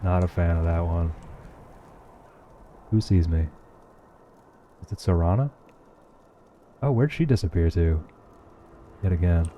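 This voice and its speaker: A man's voice: low-pitched, a little slow, long pauses, mellow, muffled recording, slight background noise. A man with a New Jersey accent, streaming a game and chatting casually with his viewers, swearing freely and often laughing. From United States. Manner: profane, laid-back, laughs often. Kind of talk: casual chat while gaming, reading chat.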